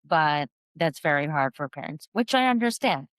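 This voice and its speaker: Low-voiced woman, smooth and dry. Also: animated, dry recording. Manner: earnest, explanatory, measured. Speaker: guest parent coach and kindergarten teacher. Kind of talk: podcast interview.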